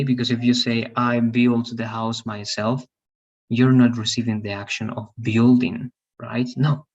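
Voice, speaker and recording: A man teaches English grammar in an online class. He explains patiently, goes over points again, and keeps asking whether his students follow. His voice is slightly husky, and the call audio sounds a bit muffled. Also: mid-range voice. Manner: patient, repetitive explaining with frequent "all right?" checks.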